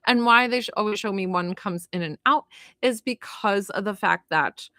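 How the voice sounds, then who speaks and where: A woman giving a live spirit reading as a medium, chatty and filled with "like" and "you know", gentle and consoling as she passes on messages. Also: medium pitch, moderate pace, no room sound. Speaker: psychic medium.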